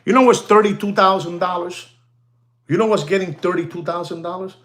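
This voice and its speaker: A man in his sixties, a watch dealer, ranting to viewers of his channel in a rambling, repetitive way, often calling out to "ladies and gentlemen" and dropping in Spanish slang. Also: high-pitched, fairly quick. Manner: animated, rambling, repeats himself, addresses audience as ladies and gentlemen. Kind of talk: livestream rant to viewers.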